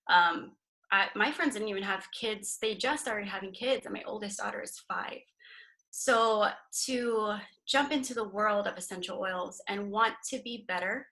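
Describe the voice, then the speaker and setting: A woman's voice: medium pitch, pushed and bright, low-quality recording. A young woman from Hawaii speaking as a guest on a team video call, nervous and close to tears as she talks. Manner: nervous, emotional, near tears. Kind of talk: casual team call talk.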